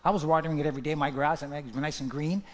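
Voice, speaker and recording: A male pastor preaching a sermon, emphatic, repeating his key phrases and swinging from hushed to loud. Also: a little high, steady tone, very fast. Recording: long hall reverb.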